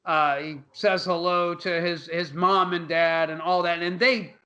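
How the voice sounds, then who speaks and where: A man's voice: a little high, steady tone, a little slow, sharp tone, lo-fi sound. A man co-hosting a podcast, recapping a movie in loose, profane, laughing casual chat. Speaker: podcast co-host.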